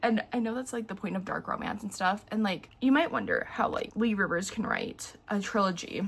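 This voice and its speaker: Young woman book vlogger, casual and rambling, teary, with a gravelly, husky voice. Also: mid-range voice, very animated, fairly quick, fairly bright tone. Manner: emotional, tearful, rambling with many fillers. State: teary from crying. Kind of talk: casual vlog chat.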